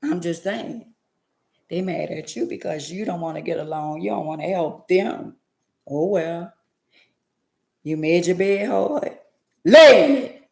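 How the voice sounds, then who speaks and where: Woman vlogger, lower voice, preachy and emphatic, echoey room. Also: a little slow, gravelly, pauses often, warm tone. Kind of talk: faith-based motivational monologue.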